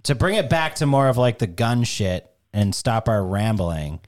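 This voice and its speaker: A man's voice: fairly low pitch, big pitch swings, normal speed, darkish tone. A man hosting a podcast, bantering casually with profane jokes. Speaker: podcast host. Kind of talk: casual chat.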